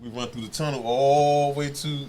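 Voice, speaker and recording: Podcast guest, man, Washington DC accent, lively storyteller who does the voices. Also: mid-range voice, brisk, a little hiss or hum. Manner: animated storyteller, acts out quoted voices, laughs often. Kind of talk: casual storytelling.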